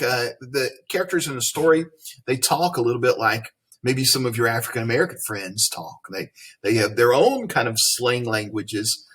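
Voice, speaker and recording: A man with a Tennessee Southern accent teaches a reading lesson in a folksy manner. His voice is husky and sits in a middle pitch, and he often checks in with leading questions. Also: fairly bright tone. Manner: folksy, explains then asks leading questions.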